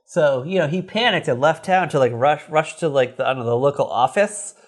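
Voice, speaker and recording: A man co-hosting a podcast, casually recapping an old sitcom episode in a rambling, profane way. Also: a little fast. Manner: rambling, profane, acts out characters in high voices. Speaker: podcast co-host.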